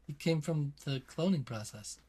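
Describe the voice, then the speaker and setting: A man's voice: on the high side, normal speed, mellow. A man co-hosting a podcast in casual chat, laid-back and agreeable, chiming in with short remarks. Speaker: podcast co-host.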